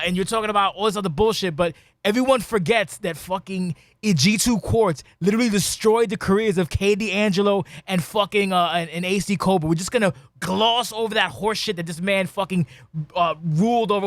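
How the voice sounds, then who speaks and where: A man with a fairly high voice, co-hosting a casual podcast, who rants in mock fury and swears nonstop. The sound is close and dry, with no room around it. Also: a bit bright, no room sound. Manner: profane, mock-angry ranting. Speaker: podcast co-host. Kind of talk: casual post-show chat.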